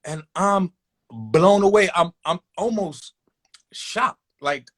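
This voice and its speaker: Guy telling a story from his school days, voice sits a bit high, animated. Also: takes it slowly. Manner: animated, acts out other voices in quotes. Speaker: guest telling a personal story. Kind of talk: casual storytelling.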